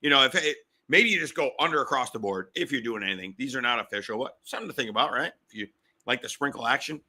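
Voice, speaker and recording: A middle-aged man hosting a sports betting podcast, talking fast and fired up, repeating himself. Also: medium pitch, lively intonation, pushed and bright.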